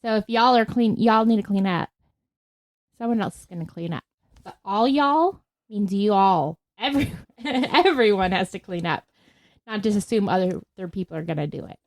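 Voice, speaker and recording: A woman's voice: medium pitch, normal speed. A woman co-hosting a podcast, chatting casually, laughing easily and thinking aloud. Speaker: podcast co-host. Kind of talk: casual chat.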